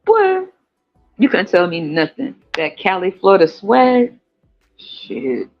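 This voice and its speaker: A man with an American country accent hosting a casual livestream chat, animated and profane, laughing often and jumping into high squeals. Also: measured pace, vocal fry. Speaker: podcast host. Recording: dull lo-fi audio with faint music.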